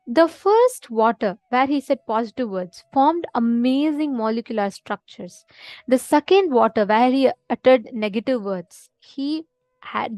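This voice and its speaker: A woman's voice: on the high side, no echo. Woman teaching, checking in often. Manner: explanatory, often checking understanding with "correct?". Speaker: spiritual teacher. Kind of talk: live online teaching session.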